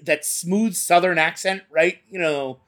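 A man's voice: sits high, a little slow, fairly bright tone. A man co-hosting a casual sports podcast, rambling with many hesitations. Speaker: podcast co-host.

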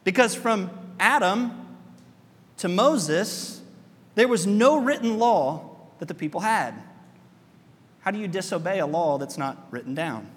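A man pastor preaching a sermon in a church, animated, asking his congregation rhetorical questions. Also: high-pitched, unhurried, long pauses, in a large hall.

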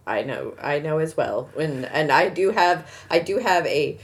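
A woman's voice: deep voice, a little slow. A middle-aged woman co-hosting a podcast in casual chat, telling stories and acting out what people said. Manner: animated storyteller, acts out quotes. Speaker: podcast co-host.

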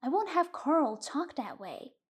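A woman's voice: sits high, sing-song, measured pace. A woman voicing Mrs Garner, a stern but kindly farm mother, in an audiobook reading. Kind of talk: audiobook reading of a short story.

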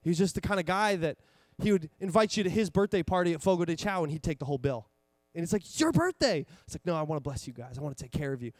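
A young man in his twenties preaching, telling a story with lively, rambling energy and many restarts. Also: a little high, fast, dry recording, studio quality. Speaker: pastor. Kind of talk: sermon. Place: church.

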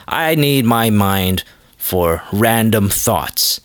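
A man with a fairly low voice rambles through a comedy podcast monologue, crude and self-mocking in an offhand way. The sound is dry and close, with no room around it. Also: moderate pace, no echo. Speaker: podcast host.

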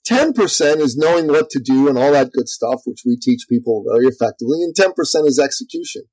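A man guest on an interview, a business coach telling a story in an energetic, conversational way. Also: medium pitch, fast, husky, dry recording, poor audio. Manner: energetic, lively storyteller, acts out quotes.

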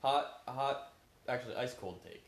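A man's voice: medium pitch, unhurried, creaky, a little hiss or hum. A man co-hosting a podcast, giving long, opinionated explanations in casual chat. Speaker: podcast co-host. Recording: echoey room.

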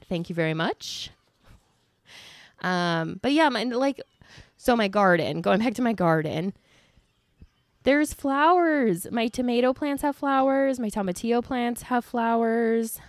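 A young woman chats casually on her podcast, rambling from one story to the next with frequent laughs. Her voice sits in an ordinary middle pitch. The recording is dry and close. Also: no echo. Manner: chatty, rambling, laughs often. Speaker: podcast host. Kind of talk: casual chat.

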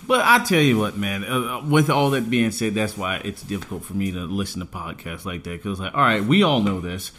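A man's voice: on the low side, a little fast, hardly any pauses. A man in a casual podcast chat, ranting emphatically and swearing freely. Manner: animated, profane, emphatic ranting.

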